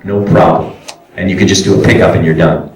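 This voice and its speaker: Low-voiced man in an echoey hall. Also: brisk, slight background noise. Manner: animated, acts out quoted directors and clients. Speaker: voice actor giving a convention panel. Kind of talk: casual panel talk with audience questions. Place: convention hall. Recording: echoey hall, voice picked up from far off.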